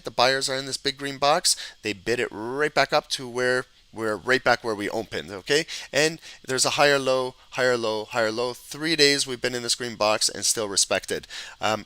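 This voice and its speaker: A man's voice: medium pitch, rough recording. A man teaching live market analysis over a shared chart, walking through price levels and checking in with "okay?". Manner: instructive, repeats "okay?" checks, animated auctioneer riffs. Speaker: trading educator.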